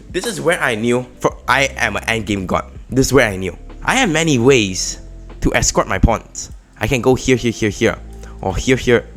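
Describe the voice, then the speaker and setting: A young man narrates his chess game move by move in a casual recap, his pitch swinging widely as he shifts from low muttered analysis to sudden loud excitement. Faint music plays underneath his voice. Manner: animated, jumps between murmured analysis and loud outbursts. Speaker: chess streamer.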